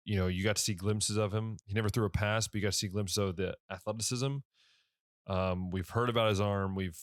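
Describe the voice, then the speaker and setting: Young male podcast host, late-night and sleepy, chatty with lots of fillers, lowish voice, dry recording. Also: no echo. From Ohio. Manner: rambling, self-correcting, many fillers. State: tired, yawning. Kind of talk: casual solo podcast talk.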